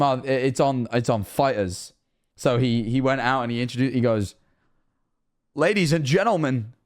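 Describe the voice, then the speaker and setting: A young man reacting to videos on stream, animated and joking, swearing often. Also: mid-range voice, clean tone.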